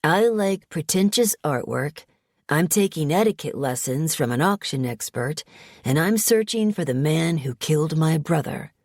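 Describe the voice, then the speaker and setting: Woman doing a brooding mafia guy, low drawl, slow, dry close mic. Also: expressive, a little mellow, dry recording, full character voice. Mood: cool drawl. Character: brooding male mafia man from New Jersey. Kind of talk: audiobook character voice.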